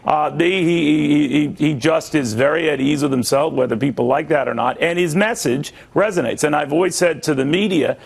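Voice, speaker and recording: A man hosting a cable news interview, quick and joking, talking in a loose, conversational way. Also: fairly high pitch, gravelly, breathy edge. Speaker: news show host.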